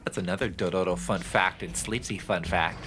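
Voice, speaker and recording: A man's voice: deep voice, fairly even intonation, normal speed. A man streaming a game, chatty and joking, cursing freely as he comments. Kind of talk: casual gameplay commentary.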